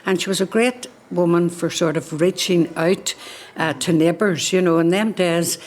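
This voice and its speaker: A woman's voice: on the low side, normal speed. Reflective older Belfast woman. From North Belfast. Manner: gentle, reflective, with "sort of" hedges. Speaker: carer sharing memories. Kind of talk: reminiscing on a podcast.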